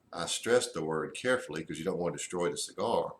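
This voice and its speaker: A man reviewing a cigar in a slow, halting way with many fillers. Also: deep voice, expressive, roomy sound, slight background noise. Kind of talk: casual review.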